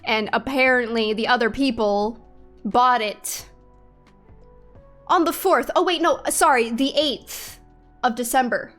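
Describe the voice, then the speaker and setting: A young woman with a high voice talks straight to her stream viewers, venting and swearing. She laughs in disbelief at her own story. Faint music plays behind her. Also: unhurried, long pauses, fairly bright tone. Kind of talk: casual chat to stream viewers.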